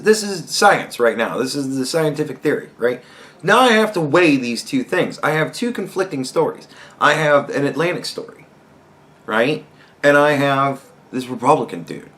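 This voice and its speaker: A young man hosting a podcast, ranting heatedly with constant swearing and rising to shouts. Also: on the high side, animated, normal speed. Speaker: podcast host. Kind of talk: profane rant commentary.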